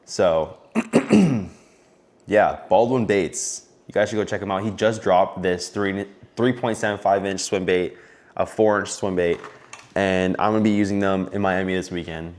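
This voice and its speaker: Low voiced dude wrapping up his vid, chill and chatty, shouting out a sponsor. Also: unhurried. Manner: relaxed, chatty, plugs a bait maker. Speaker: vlog host.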